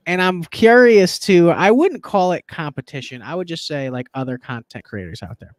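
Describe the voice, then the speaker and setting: A man hosting a casual sports betting chat, excitable and profane, rambling as he pushes his picks. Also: on the high side, moderate pace, no room sound. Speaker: podcast host and betting tipster.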